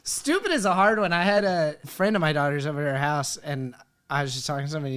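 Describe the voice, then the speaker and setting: A man's voice: fairly high pitch, animated, fast talker, a bit bright, clean tone. A man in his thirties co-hosting a casual parenting podcast, talking candidly and laughing easily. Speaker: podcast co-host. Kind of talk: casual chat.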